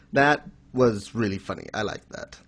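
A man's voice: on the low side, measured pace, fairly bright tone. Blunt, sarcastic man chatting casually. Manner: blunt, sarcastic, swears freely. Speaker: podcast co-host reviewing manga. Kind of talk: casual chat.

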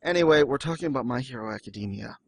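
A man co-hosting a podcast chats casually about manga, animated and racing along in a creaky voice. He slips into exaggerated high voices when quoting someone, and there's no echo.

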